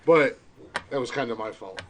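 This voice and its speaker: A man's voice: mid-range voice, expressive, moderate pace, a little hiss or hum. A man co-hosting a casual live podcast, crude and joking, laughing often. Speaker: podcast co-host. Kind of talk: casual livestream chat.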